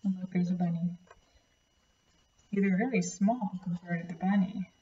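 A woman reading a picture book aloud to a child, gently pointing out and explaining the pictures. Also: lowish voice, steady tone, normal speed, distant mic, highs cut off, slight background noise. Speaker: storyteller.

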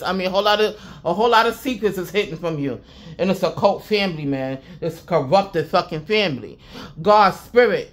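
A woman giving a casual spiritual reading to her viewers, talking emphatically with plenty of swearing, repeating herself and chuckling often. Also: mid-range voice. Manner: profane, emphatic, repeats "I'm telling you". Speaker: intuitive reader.

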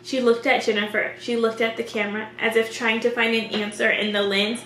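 A woman reading a novel aloud in a steady, clear storytelling manner. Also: a little high, fairly quick. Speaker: reader. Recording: echoey room with faint hum.

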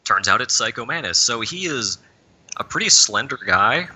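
A man's voice: mid-range voice, big pitch swings, normal speed, sharp tone, slightly rough, rough recording. A man on a podcast telling a long, rambling story in casual chat, peppering his speech with "like.". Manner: rambling storyteller, leans heavily on "like". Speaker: podcast panelist.

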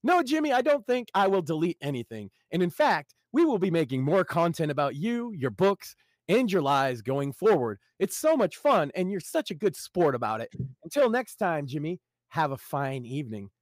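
A man's voice: on the high side, big pitch swings, normal speed, dry recording, studio quality. A man voicing a smug, sarcastic online commentator who mocks his target.

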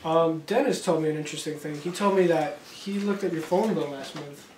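A young man playing a therapist in a student short film, talking in a halting way with many ums, recorded far off in an echoey, noisy room. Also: on the high side, darkish tone. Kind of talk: amateur short film acting.

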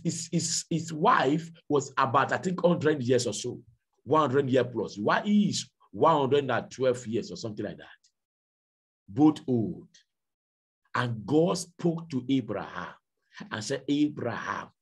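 A man preaching a sermon, telling a story dramatically and swinging from hushed to shouting. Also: mid-range voice, animated, takes it slowly. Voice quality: very husky. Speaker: pastor.

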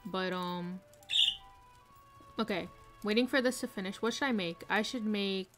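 A woman's voice: medium pitch, fairly even intonation, brisk, long pauses, over music. A woman streaming a video game live, chatting casually, talking to herself and reading chat, often giggling. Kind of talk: casual live gameplay commentary. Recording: faint noise with mouse clicks and typing.

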